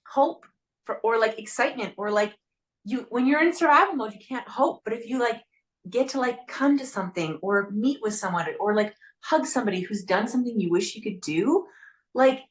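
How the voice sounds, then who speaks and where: A woman's voice: a little high, expressive, fairly quick. A woman hosting a podcast in casual interview talk, heartfelt and chatty, with lots of "like" fillers. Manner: heartfelt, chatty, leans on "like" a lot. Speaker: podcast host.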